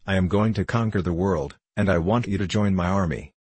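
A bossy young queen from a storybook, hungry for conquest and sure of herself, as read by a man. The voice sits low and a little husky, clipped in a dry, close recording. She gives orders rather than asking. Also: brisk, darkish tone, dry recording. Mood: commanding. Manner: haughty and commanding. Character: ambitious, blustering young queen, woman. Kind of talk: audiobook character reading.

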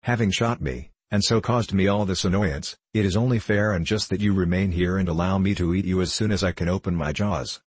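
A huge, grumpy storybook rock monster, as a male narrator puts it on, talking harshly through clenched teeth. The voice is low and husky, full of reproach and polite menace. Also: fairly quick, hardly any pauses, no room sound. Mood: grumbling.

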